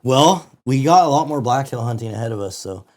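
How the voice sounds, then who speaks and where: A man's voice: mid-range voice, lively intonation, fairly quick, a little mellow. A man co-hosting a hunting podcast in casual chat, laid-back, with short tips and agreement. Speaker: podcast co-host.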